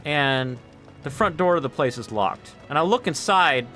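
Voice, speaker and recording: A man rambles through a long anecdote while he streams a game. His voice sits a little high and sounds bright and forceful, with faint game music playing underneath. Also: expressive. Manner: rambling, chatty anecdote, quick asides to chat. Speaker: gaming streamer. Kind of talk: casual storytelling while streaming.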